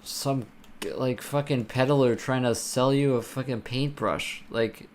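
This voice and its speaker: A man's voice: mid-range voice, steady tone, takes it slowly, a little hiss or hum. A man live-streaming while programming, chatting casually and ranting with lots of swearing and filler words.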